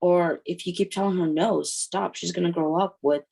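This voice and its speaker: Woman, low gravelly voice, casual interview guest, tells stories and does little voices for people. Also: fairly quick. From Ukraine. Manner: lively storytelling that acts out quoted voices. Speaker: guest, mother.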